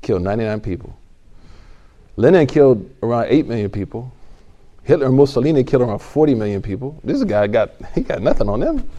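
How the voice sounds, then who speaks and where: A man's voice: mid-range voice, very animated, fast, warm tone, dull audio. A man giving a casual lecture as a religious studies teacher, joking and conversational, at times rising into emphatic exhortation.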